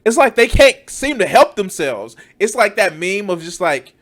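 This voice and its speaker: A man's voice: high voice, sing-song, moderate pace, hardly any pauses, fairly bright tone. A man giving profane, exasperated reaction commentary on a video, mocking its creator. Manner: mocking, exasperated, swears often. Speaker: reaction streamer.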